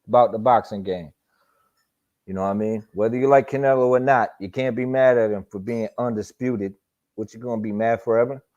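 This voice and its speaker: Casual male streamer, loose, slangy and profane, mid-pitched voice, dull lo-fi sound. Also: brisk, a little mellow. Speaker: boxing talk show host. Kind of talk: casual live-stream commentary.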